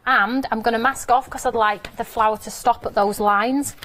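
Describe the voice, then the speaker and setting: A woman's voice: a little high, steady tone, moderate pace, fairly bright tone, slight background noise. A British woman running a live craft demonstration in a TV studio, chatting and joking as she talks through each step. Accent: British English.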